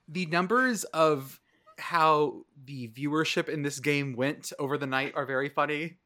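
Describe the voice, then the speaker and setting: A man in his thirties with a bright, forceful voice that sits a little high for a man. He riffs in a loose, profane, animated way, the kind of talk you hear in a casual sports podcast chat. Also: moderate pace. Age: 30s. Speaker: podcast co-host.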